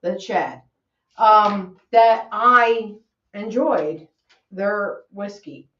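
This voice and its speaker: Playful woman, slow and roomy. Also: medium pitch, bright, forceful tone. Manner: playful, teasing, swears, laughs often. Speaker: channel co-host. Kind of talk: casual banter while mixing drinks. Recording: roomy, distant, dull lo-fi sound.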